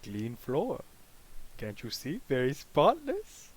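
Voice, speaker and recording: A man voicing a gruff, deadpan prison janitor with a put-on Russian accent and halting English. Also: medium pitch, noisy background, pitched above the performer's own voice.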